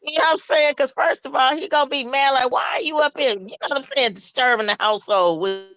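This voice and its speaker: A woman tells stories quickly on a gossip livestream, full of slang and laughter. Her voice sits a little high. The sound is close and dry. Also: a bit bright, dry recording, low-quality recording. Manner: rapid storytelling with slang and laughter. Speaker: livestream co-host. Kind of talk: casual gossip livestream chat.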